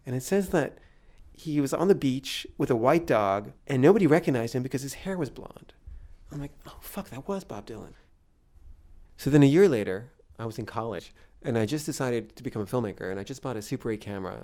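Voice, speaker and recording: A man tells a story about himself in a loose, casual way, with a middle pitch. He stumbles and repeats words when he gets nervous, and he pokes fun at himself. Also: lively intonation, a little mellow. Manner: halting, self-deprecating, stammers when nervous.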